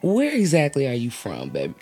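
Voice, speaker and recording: A woman's voice: very deep voice, huge pitch swings, a little fast, mellow. Woman, podcast host, teasing, slangy, sing-song swoops, faint music behind. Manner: playful, teasing, heavy slang. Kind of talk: casual interview chat.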